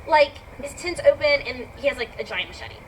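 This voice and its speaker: A woman with a high-pitched, brisk, animated voice tells a personal story to a live audience, chatty and full of fillers. She laughs often and acts out her own reactions. The mic is distant and picks up background noise.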